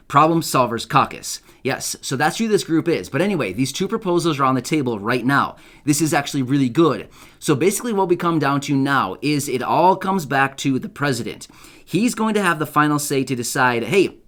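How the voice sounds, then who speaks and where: A man's voice: mid-range voice, a bit bright. Chatty upbeat male video host. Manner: chatty, upbeat, asks viewers for agreement with repeated "right?"; loose, self-correcting delivery with fillers and restarts. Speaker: YouTube news host. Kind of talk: casual direct-to-camera commentary.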